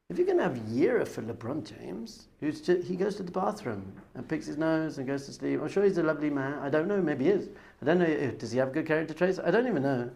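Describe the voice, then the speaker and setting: A rabbi giving a Torah class, animated, acting out other people's voices with gasps and whispers. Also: male voice, fairly high pitch, brisk, creaky. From not American.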